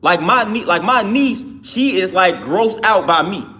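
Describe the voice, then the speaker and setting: A man's voice: sits high, expressive, a little slow, sharp tone. A man hosting a livestream, talking casually and loosely with his viewers, often restarting his sentences. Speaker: livestream host. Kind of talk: casual livestream talk answering chat.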